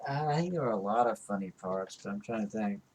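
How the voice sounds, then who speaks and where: A man's voice: fairly low pitch, expressive, quick pace, a little mellow, a little hiss or hum. A young man chatting casually with his wife, answering hesitantly in short replies. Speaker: vlogger's husband. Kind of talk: casual chat.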